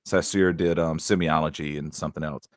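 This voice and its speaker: A man's voice: a bass voice, fairly even intonation, brisk, no echo, studio quality. A man co-hosting a casual podcast chat, telling rambling stories and mimicking coworkers. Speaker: podcast co-host.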